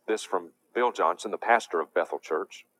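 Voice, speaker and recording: Male preacher, low voice, dry close sound, emphatic and indignant delivery. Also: normal speed, a bit bright, no echo. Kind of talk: preaching lecture.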